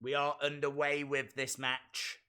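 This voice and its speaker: A man hosting a live stream, reacting to a wrestling show in excitable, chatty, self-mocking commentary. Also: on the high side, a little slow, clean tone.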